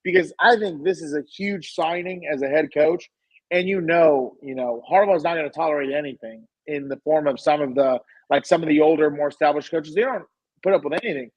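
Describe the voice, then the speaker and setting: Emphatic, higher-voiced man on a podcast. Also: fairly quick, a little mellow, dry recording, lo-fi sound. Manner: opinionated, emphatic, repeats phrases. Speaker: podcast co-host. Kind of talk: casual sports podcast chat.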